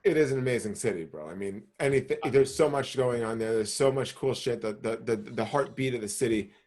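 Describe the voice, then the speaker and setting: A man's voice: mid-range voice, fairly quick, a little mellow. A young man from the New York area telling a long profane story in casual podcast chat, full of restarts and "bro". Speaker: podcast co-host.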